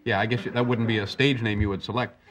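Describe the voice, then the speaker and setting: A man hosting a late-night talk show from a studio desk, asking dry, halting questions. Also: fairly low pitch, fairly even intonation. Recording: loud studio audience and noisy broadcast.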